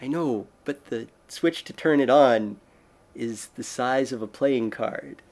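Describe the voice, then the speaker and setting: A man co-hosts a casual podcast with a playful, teasing manner and an easy habit of poking fun at himself. His voice sits at an ordinary middle pitch. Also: takes it slowly, a little mellow, a little hiss or hum. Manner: playful, teasing, self-mocking. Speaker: podcast co-host. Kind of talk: casual bantering chat.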